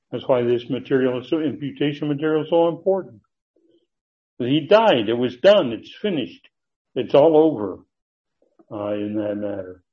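Man, Bible teacher, mid pitch, emphatic verse-by-verse teaching, dull lo-fi sound. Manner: earnest, emphatic, stretches key words, reads from notes. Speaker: pastor teaching a Bible study. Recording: dull lo-fi recording.

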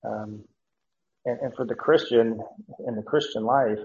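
A man teaching verse by verse from the Bible, halting with many fillers and restarts, chuckling now and then. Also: medium pitch, steady tone, a little mellow. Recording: dull lo-fi recording.

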